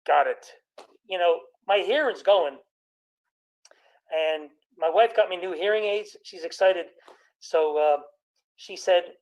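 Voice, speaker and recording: Middle-aged man, stand-up comic bit, deadpan punchlines, slips into quick character voices. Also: sits high, low-quality recording. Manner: deadpan joke delivery with put-on patient voices. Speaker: comedian doctor. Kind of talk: stand-up comedy routine.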